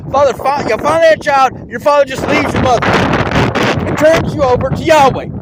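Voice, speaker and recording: High-voiced ranting man in the wind. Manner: accusatory, rambling, many restarts and rhetorical questions. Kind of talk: ranting monologue addressed to another creator.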